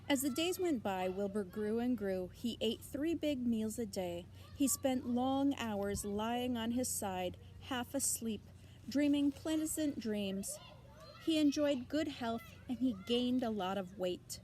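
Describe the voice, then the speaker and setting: Slow, expressive woman reading aloud. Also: on the high side, slight background noise. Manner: expressive, slow, asides to listeners. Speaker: teacher. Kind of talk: reading a children's novel aloud.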